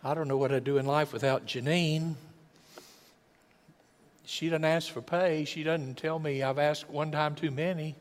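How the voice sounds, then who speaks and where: Older preacher, folksy, acts out little voices, goes quiet then loud, echoey church hall. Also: male voice, on the high side, fairly even intonation, a little slow, pauses often. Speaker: pastor. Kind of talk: sermon. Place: church sanctuary. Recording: long church hall reverb.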